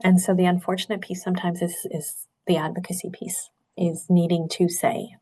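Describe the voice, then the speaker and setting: Middle-aged woman, nurse presenter, husky and candid, earnest webinar delivery. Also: fairly low pitch, little pitch movement, normal speed, few pauses, dark tone. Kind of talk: webinar talk.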